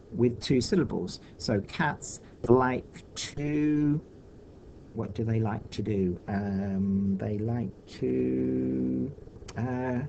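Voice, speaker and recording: A man's voice: mid-range voice, darkish tone, slight background noise. A man teaching a recorded video lesson for children, patiently talking through each step aloud.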